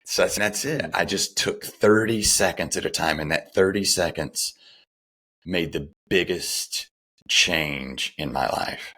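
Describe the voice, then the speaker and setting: A man's voice: low voice, slow, pushed and bright, husky. A middle-aged man, a podcast guest, candidly telling a personal story and retelling the dialogue, with some restarts.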